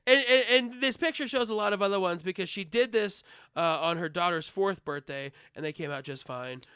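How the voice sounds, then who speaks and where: A man's voice: high-pitched, a little fast, sharp tone, smooth, dry recording. A man hosting a casual comedy podcast in a studio, laughing often and restarting his sentences. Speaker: podcast host.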